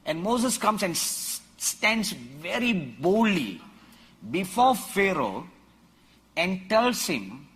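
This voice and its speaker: A man preaching a sermon to a conference crowd, quoting scripture dramatically and rising to emphatic shouts. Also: high voice, very animated, takes it slowly, slightly rough. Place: large conference hall.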